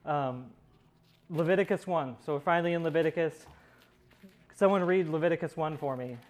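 Man teaching a Bible class, halting. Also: on the high side. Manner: conversational, explains with many fillers and restarts.

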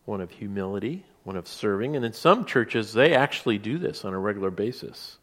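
A man preaching a sermon in a relaxed, conversational way, with asides and restarts. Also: fairly low pitch, a little fast. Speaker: pastor.

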